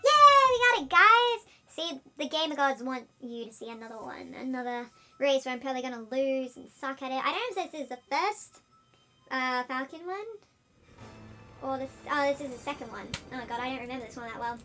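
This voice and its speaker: An Australian woman host giving chatty, excitable let's-play commentary, her voice sped up to a chipmunk pitch. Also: brisk, soft background music. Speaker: gaming channel host.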